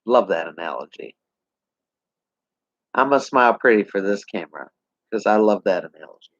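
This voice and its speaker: A man's voice: fairly low pitch, lively intonation, moderate pace, fairly bright tone, no room sound. A man ranting sarcastically to a camera, heated and rambling. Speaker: vlogger. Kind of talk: political rant to camera. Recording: dull lo-fi sound.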